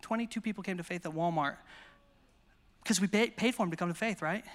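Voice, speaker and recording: This American pastor's sermon storytelling fills a large conference hall, his voice high and fairly quick. He tells his stories energetically, performing the quotes as he goes.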